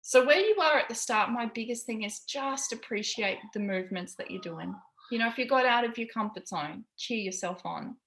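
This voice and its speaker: A woman's voice: on the high side, animated, normal speed, fairly bright tone. A woman coaching her team on a live call from a busy home, candid and encouraging, swearing freely. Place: busy home with kids in background. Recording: roomy echo.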